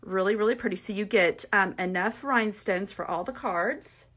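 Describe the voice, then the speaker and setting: A woman talks viewers through a craft kit in a relaxed tutorial. She is chatty and upbeat, trailing into asides and little fillers as she points things out. She sounds like she is talking to a camera set over her work table. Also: medium pitch, moderate pace. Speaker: craft demonstrator. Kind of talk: casual tutorial walkthrough.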